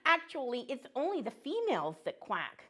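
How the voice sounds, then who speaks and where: A woman's voice: high-pitched, wildly swooping pitch, moderate pace, fairly bright tone, full character voice. A woman voicing a joke-loving male mallard duck who tells puns and quacks between lines in a children's show. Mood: jokey. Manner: punny, bursts into quacking.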